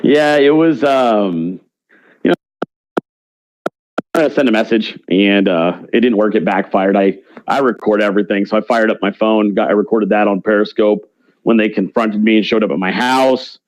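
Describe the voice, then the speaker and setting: A man's voice: fairly low pitch, normal speed, no room sound, rough recording. A man talking as an interview guest in a blunt, brash, slangy way. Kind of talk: casual interview talk.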